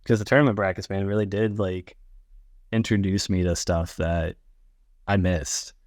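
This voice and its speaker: Male podcast guest, low-ish voice, dry sound, animated and sarcastic. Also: normal speed, no room sound. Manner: animated, sarcastic, jumps up in pitch. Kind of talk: casual chat.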